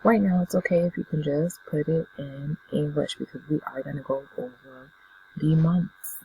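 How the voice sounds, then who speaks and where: A woman teaching a beginner Spanish lesson, patiently saying words and pausing so students can repeat them. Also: deep voice, creaky, mellow, a little hiss or hum, poor audio. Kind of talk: classroom language lesson.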